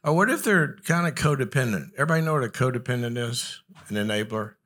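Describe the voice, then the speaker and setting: A man's voice: medium pitch, quick pace. A middle-aged man, a psychologist, giving a humorous talk to an audience and acting out dialogue in his anecdotes. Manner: animated, acts out dialogue in anecdotes. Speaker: psychologist and speaker.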